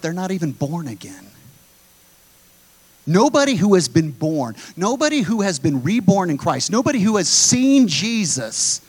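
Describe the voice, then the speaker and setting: A man preaching a sermon to his congregation, talking straight to them and driving his points home by repeating them. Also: high-pitched. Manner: preaching with emphatic repetition, addresses the congregation directly. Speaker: pastor.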